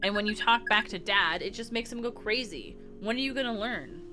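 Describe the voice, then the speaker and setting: A woman reading the part of a cautious, reasonable teenage girl aloud from a visual novel, in a calm, reasoning manner. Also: mid-range voice, a little fast, natural voice. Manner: calm, reasoning, mildly preachy. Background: game music.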